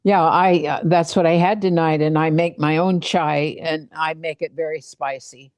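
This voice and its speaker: A woman in a casual video-call chat, speaking in a measured, thoughtful way. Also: deep voice, steady tone, a little mellow, no room sound, clean studio sound.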